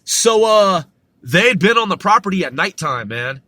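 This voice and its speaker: A man with a high, bright and somewhat tense voice tells a story on his podcast. He rambles, swears freely and restarts his sentences often. The sound is dry and close, with no room around it. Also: big pitch swings, moderate pace, dry recording. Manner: rambling, profane, many restarts. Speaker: podcast host.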